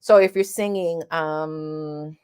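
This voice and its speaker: A woman teaching a singing lesson, speaking directly and bluntly, and breaking off to sing drawn-out vowel sounds as demonstrations. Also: low-pitched, steady tone, warm tone, smooth. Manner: sings vowel demonstrations between explanations.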